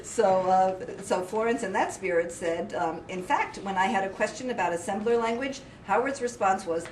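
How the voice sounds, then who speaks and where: A woman reading out colleagues' farewell quotes at a work party, laughing between them and pausing on filler words. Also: medium pitch. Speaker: party organizer reading tributes. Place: office party room. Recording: echoey room, distant mic, loud background noise.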